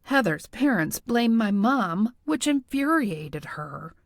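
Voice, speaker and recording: Female audiobook narrator, first person, wry and self-deprecating; lively, slightly high pitch, dry booth sound. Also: slow, dry recording.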